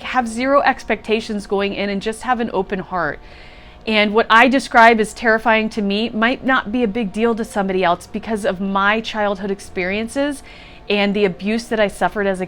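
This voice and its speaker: A woman telling an emotional personal story as a guest, earnest and moved, sometimes laughing through tears, over soft music. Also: mid-range voice. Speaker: guest sharing a retreat testimonial.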